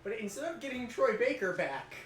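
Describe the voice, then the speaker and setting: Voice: medium pitch, big pitch swings, a little fast. A speaker chatting casually while playing a video game, explaining game trivia and trailing off mid-thought. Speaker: let's play co-host. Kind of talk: casual gaming chat. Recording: roomy sound with game music.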